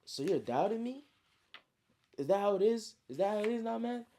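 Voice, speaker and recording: A man's voice: high-pitched, animated, moderate pace, mellow, pitched above the performer's own voice. A man voicing a defiant, desperate teenage boy fighter in a story he reads aloud, talking in a heated, challenging way.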